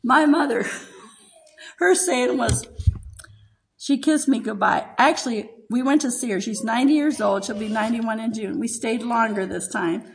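Older female preacher, high voice, emotional testimony delivery with frequent laughter. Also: moderate pace, gravelly, a little hiss or hum, low-quality recording. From United States. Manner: emotional, laughs often while speaking. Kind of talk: heartfelt sermon testimony.

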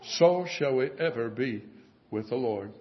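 A man preaching a sermon with earnest fervor, swelling loud and dropping quiet. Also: medium pitch, expressive, a little slow, slight background noise. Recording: dull lo-fi recording.

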